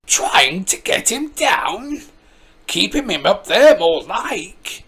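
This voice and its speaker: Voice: sing-song, slow pace, a bit bright, slightly rough, exaggerated voice. A reader putting on a cross old granny. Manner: scolding, raised pitch. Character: elderly countrywoman, stern and protective.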